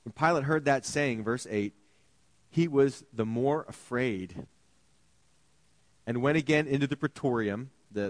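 A male pastor delivering an animated sermon, acting out biblical characters in shifting voices. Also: mid-range voice, no echo.

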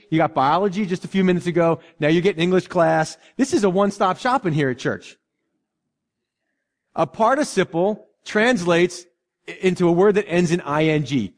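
Animated pastor preaching in a reverberant church. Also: male voice, high-pitched. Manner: animated, conversational, repeats himself. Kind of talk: sermon.

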